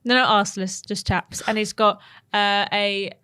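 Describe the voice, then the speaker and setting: Woman co-host, chatty and excitable, mid-range voice, casual podcast banter. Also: mid-range voice, moderate pace, clean tone. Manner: bubbly, enthusiastic, rambling. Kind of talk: casual chat.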